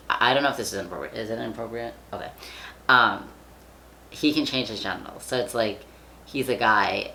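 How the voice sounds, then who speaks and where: A young adult man vlogs in a casual chat, rambling with plenty of fillers and offhand swearing. His voice sits lowish with a sharp tone, and there's a slight hiss or hum in the recording.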